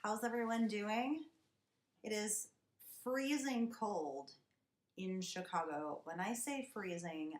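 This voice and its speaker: A woman in her thirties hosting a wine show, talking to camera in a wry, emphatic, exasperated way from a basement wine cellar. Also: mid-range voice. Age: 30s. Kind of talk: casual comic monologue to camera. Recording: roomy echo.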